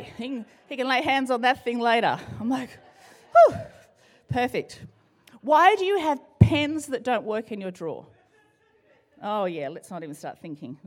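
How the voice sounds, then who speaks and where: A middle-aged woman giving a conversational sermon, playful and joking as she talks straight to the congregation. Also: medium pitch. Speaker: church speaker.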